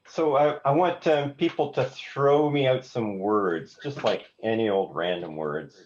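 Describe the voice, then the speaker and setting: A man's voice: mid-range voice, lively intonation, moderate pace, hardly any pauses, darkish tone. A man teaching a songwriting class, explaining note values with frequent restarts and singing rhythms out on nonsense syllables. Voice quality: hesitant, restarts words, sings rhythms on "da". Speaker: songwriting instructor. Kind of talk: classroom lesson with live demonstration. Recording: slightly dull, lo-fi class recording. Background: faint instrument playback.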